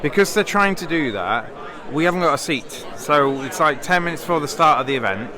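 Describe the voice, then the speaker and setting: A man's voice: fairly high pitch, expressive, fairly quick, a crowd in the background. A British man chatting casually in a vlog, rambling and thinking aloud with fillers and restarts. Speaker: vlogger, bridge player.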